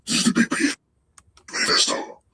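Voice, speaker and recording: A man's voice: fairly quick, sharp tone, distant mic, slight background noise, poor audio. A man calling into a live stream, ranting in a profane, rambling and insistent way. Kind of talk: casual rant.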